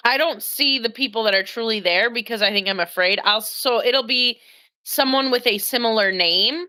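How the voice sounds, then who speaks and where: A woman's voice: on the high side, moderate pace, sharp tone. A woman co-hosting a live stream, telling a story in a rambling, hesitant way. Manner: rambling, hesitant, with many fillers and restarts. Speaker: co-host, the host's sister. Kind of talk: casual storytelling chat.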